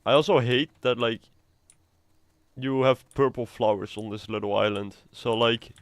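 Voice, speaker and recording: A man's voice: medium pitch, fairly even intonation, normal speed, no room sound. Man, live game commentary, chatty, swears, dry voice. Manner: chatty, rambling, swears freely. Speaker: game streamer. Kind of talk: casual live gameplay commentary.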